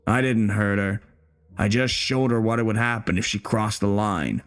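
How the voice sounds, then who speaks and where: A man voicing a bitter, crude, hostile older male war veteran who talks slowly, menacingly and profanely. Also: fairly low pitch, natural voice. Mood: dismissive.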